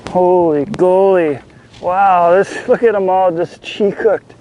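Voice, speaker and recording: A man fishing from a kayak on an outdoor lake films a video, giddily exclaiming and laughing at each catch in excited chatter. His voice sits high with a darkish tone and a slow pace, accompanied by a little hiss or hum.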